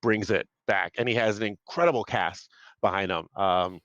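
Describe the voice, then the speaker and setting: A man's voice: fairly low pitch, moderate pace, a bit bright, dry recording, muffled recording. A man on a panel, rambling enthusiastically about movies in casual chat, full of fillers, over a video call.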